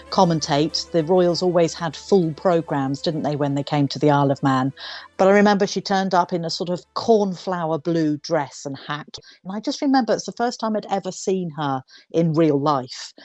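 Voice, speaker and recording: A woman's voice: sits low, darkish tone. A woman broadcaster fondly recalling commentating on a royal visit, reflective and a little hesitant. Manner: reflective, fond, slightly hesitant. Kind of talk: interview recollection.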